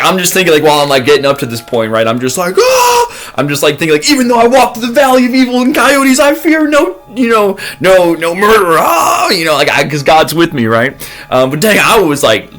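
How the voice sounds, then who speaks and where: A man's voice: mid-range voice, a bit bright. A young man telling a story casually, acting out his own gasps and panicked cries. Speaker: vlogger.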